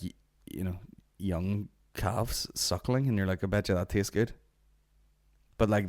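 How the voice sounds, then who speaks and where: A man hosting a comedy podcast, telling stories in a rambling, profane, deadpan way. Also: lowish voice, no room sound, studio quality. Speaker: podcast host. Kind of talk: comic podcast rant.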